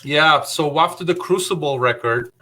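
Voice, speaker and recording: A man with a bright, forceful voice tells long stories as a guest on a video call. He rambles through them with plenty of fillers. He quotes what he said back then. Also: on the high side, moderate pace, a little hiss or hum. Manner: rambling anecdotes with many fillers; acts out his own past remarks in quotes. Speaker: guest guitarist. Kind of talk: casual interview storytelling.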